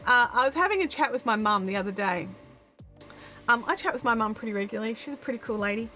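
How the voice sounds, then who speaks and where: A woman's voice: a little high, expressive, fast, bright, forceful tone, soft background music. A woman with an Australian accent hosting a live stream, chatting casually to viewers in a rambling way with lots of restarts, on a good microphone. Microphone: good studio microphone.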